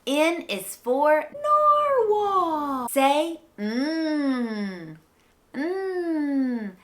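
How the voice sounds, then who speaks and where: A woman's voice: sits high, sing-song, very slow. A woman hosting a toddler phonics lesson in an exaggerated, enthusiastic singsong baby-talk manner. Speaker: children's educational host. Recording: loud background music.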